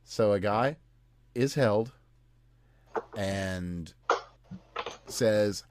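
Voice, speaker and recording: A man's voice: fairly low pitch, animated, normal speed, noisy background. An American man hosting a podcast, talking in a casual, sarcastic and indignant way. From United States. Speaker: podcast host. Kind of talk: casual chat.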